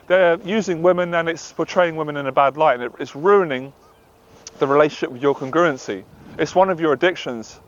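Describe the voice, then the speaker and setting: Earnest coach, a little higher-pitched man. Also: normal speed. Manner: earnest, confessional, acts out inner voices. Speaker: dating and anxiety coach. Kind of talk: direct-to-camera monologue. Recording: slightly dull lo-fi audio.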